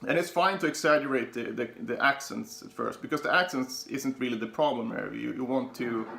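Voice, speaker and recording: A man teaching guitar in a casual, halting way, with many fillers and restarts, counting notes aloud as he plays. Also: mid-range voice, gravelly. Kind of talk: casual instructional talk. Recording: echoey room with guitar playing.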